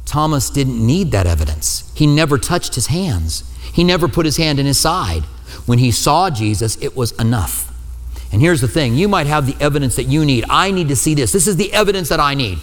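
A male pastor preaching a sermon, telling the story lively and acting out the quoted lines with humor. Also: medium pitch, in a large hall.

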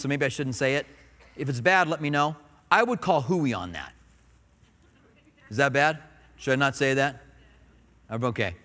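A man preaches a sermon with a high, bright voice in a church. He's animated and playful, tossing in jokes and little asides. His voice rings out with the long reverb of a large hall. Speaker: pastor. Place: church sanctuary.

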